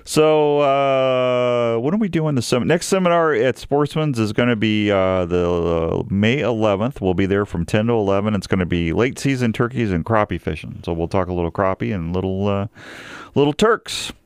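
Casual male radio host, low-pitched, rambling and jokey. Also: lively intonation, moderate pace, smooth, dry recording, clean studio sound. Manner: rambling, jokey, restarts often.

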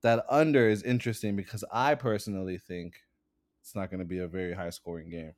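A man's voice: low voice, fairly even intonation, brisk, darkish tone, no room sound. A man co-hosting a sports podcast in a laid-back casual way, going over betting lines. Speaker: podcast co-host.

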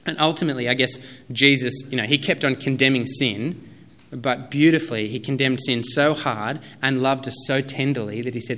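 A man's voice: mid-range voice, a little fast, bright, forceful tone. A man in his thirties preaching a sermon as a pastor, in a casual, conversational way with many fillers.

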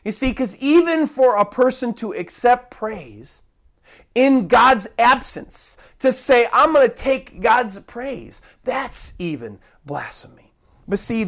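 A preacher giving a sermon, emphatic, slowing down to stress key phrases. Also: mid-range voice. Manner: emphatic, shifting pace with slow stressed phrases.

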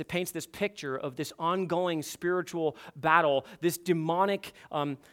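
A man preaching an expository sermon, emphatic and building to forceful peaks. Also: high-pitched. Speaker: pastor.

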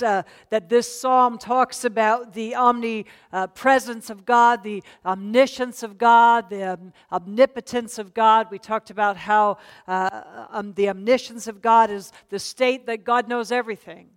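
Conversational woman teaching a Bible study. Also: a little high. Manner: conversational, asks congregation to read aloud. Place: church meeting.

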